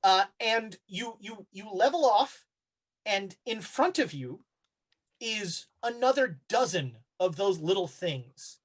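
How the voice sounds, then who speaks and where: A man's voice: high voice, expressive, slow. Casual man narrating as game master. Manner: casual narration with many fillers and restarts.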